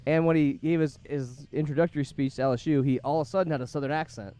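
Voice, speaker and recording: Higher-voiced, giggly Iowa co-host. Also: male voice, fairly even intonation, fast, warm tone, clean tone, soft background music. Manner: giggly, rambling. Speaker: podcast co-host. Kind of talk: casual comedic chat. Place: bar.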